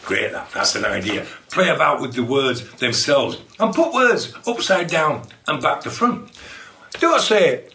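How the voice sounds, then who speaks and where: Bright, lively man teaching silly poems. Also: mid-range voice, unhurried. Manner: playful, exclamatory, giggly. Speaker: children's poet. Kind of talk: lively poetry workshop for children. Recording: echoey room.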